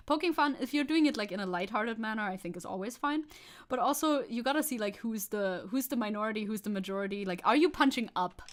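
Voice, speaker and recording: A woman streaming live, chatting casually and reading news and chat messages aloud, opinionated, swearing casually and laughing often. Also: mid-range voice. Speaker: VTuber streamer.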